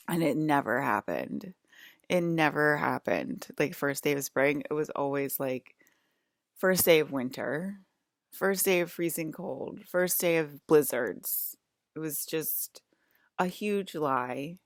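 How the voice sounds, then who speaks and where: A woman from New Jersey rambles through a casual vlog monologue, her speech full of fillers and indignant asides. Her voice sits low and gravelly with vocal fry, and the recording is dry and close. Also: expressive, moderate pace, no echo. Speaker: vlogger.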